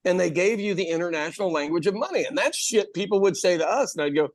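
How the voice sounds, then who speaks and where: Man, 50s, podcast co-host; animated storyteller, slightly high voice, dead-dry close mic. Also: fast, hardly any pauses, no echo. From Ireland. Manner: animated, acts out other people's lines, swears freely. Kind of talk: casual storytelling chat.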